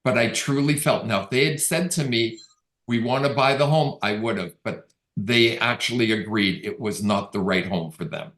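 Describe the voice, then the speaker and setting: In a casual storytelling webinar, a middle-aged Canadian realtor acts out quoted dialogue as he talks. The voice is fairly low, fairly bright, and at normal speed, recorded on a video call with a roomy echo.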